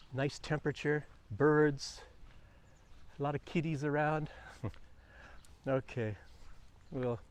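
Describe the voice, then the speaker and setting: A man vlogging outdoors on a quiet morning walk, chatting loosely about the news, meandering and often chuckling. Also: mid-range voice. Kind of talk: rambling commentary on the news.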